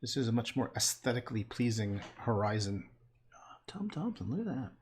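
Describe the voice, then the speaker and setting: A man's voice: medium pitch, sing-song, normal speed, slight background noise. A man painting and chatting casually on a livestream, rambling and trailing off into muttered asides.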